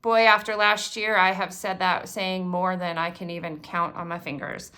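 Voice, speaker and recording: Bright, gushing woman unboxing craft supplies. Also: lowish voice, normal speed. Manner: gushing, excitable, chatty. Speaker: craft product demonstrator. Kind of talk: casual unboxing chat.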